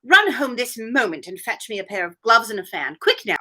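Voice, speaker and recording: A nervous, fussy storybook rabbit, as a woman reading aloud puts him on. He frets and scolds in clipped, emphatic bursts. The voice is bright and lifts a little above the reader's own. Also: on the high side, very animated, brisk, heavily acted. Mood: scolding. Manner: fussy, fretting exclamations, clipped British-style emphasis. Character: fretful male White Rabbit, anxious and fussy.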